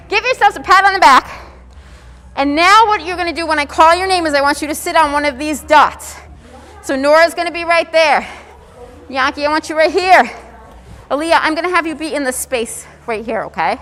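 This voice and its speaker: A woman leads a room of children through exercises, with a very high, bright voice and upbeat counting. Her voice rings with a long reverb from the hall around her. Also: animated, normal speed. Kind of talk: leading a kids' exercise session.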